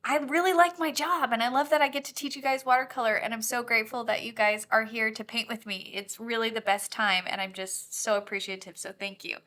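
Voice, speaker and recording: Bright, bubbly woman teaching watercolor. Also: a little high, steady tone, fairly quick, few pauses. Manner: bubbly, giggly and grateful. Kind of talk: friendly tutorial instruction.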